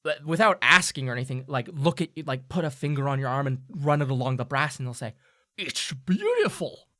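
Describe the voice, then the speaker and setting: A man runs a tabletop game as game master, narrating scenes in an animated, rambling way. His voice is bright and close, with a dry sound and no room echo. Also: medium pitch, fast talker. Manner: animated, laughing, many fillers.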